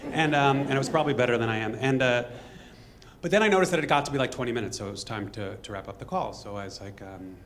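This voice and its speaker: Fast-talking man telling a story on stage. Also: mid-range voice, fairly bright tone, a little hiss or hum. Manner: fast, conversational, with asides and reenacted dialogue. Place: stage before a live audience.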